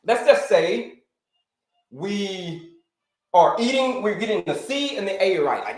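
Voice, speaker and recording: High-voiced male health coach running a live stream, lively and repetitive, in a roomy, echoing space. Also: takes it slowly, pauses often. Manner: animated, repeats phrases, addresses viewers as folks.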